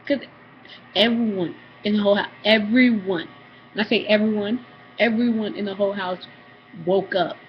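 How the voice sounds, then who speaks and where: A woman's voice: mid-range voice, fairly even intonation, fairly quick, lo-fi sound, slight background noise. Young woman rambling through a home vlog. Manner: rambling, filler-heavy, acts out family members' voices. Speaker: vlogger. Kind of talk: casual storytelling to camera.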